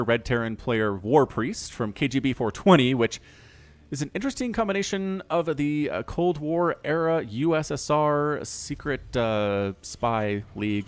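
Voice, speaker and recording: An American man giving excitable, chatty solo commentary on a strategy game, often talking straight to the players. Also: medium pitch. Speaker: esports caster.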